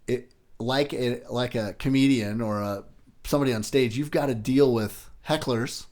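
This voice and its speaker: A man's voice: medium pitch, moderate pace, darkish tone. A man hosting a podcast, prompting and encouraging his guest in a casual interview. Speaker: podcast host.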